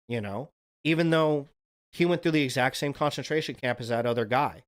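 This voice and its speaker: A man's voice: medium pitch, brisk. A man hosting a livestream, talking in a casual, earnest, rambling monologue and swearing now and then. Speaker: livestream host.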